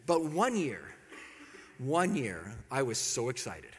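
A man's voice: mid-range voice, huge pitch swings, takes it slowly, big-room sound, slight background noise. A man giving a talk and telling a self-mocking story about his marriage, laughing at his own jokes.

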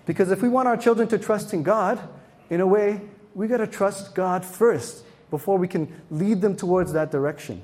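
A man leading a faith workshop for parents, telling a story with dramatic swells and quiet hushes. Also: high voice, normal speed. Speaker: workshop speaker.

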